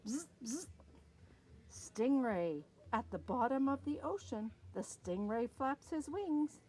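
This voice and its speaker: A Canadian woman reads a picture book to little children, drawing out her words slowly. Her voice sits fairly high and swoops up and down in a sing-song way as she points things out on the page. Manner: slow, sing-song and expressive, talking to kids. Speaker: early years storyteller. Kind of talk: reading a picture book aloud to young children.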